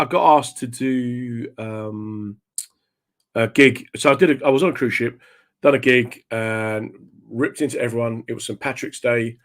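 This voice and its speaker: Comedian guy telling funny stories on a radio show, average pitch, acts out the people he quotes. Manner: animated, slips into voices of the people in his stories. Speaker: stand-up comedian guest. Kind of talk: comic anecdote telling.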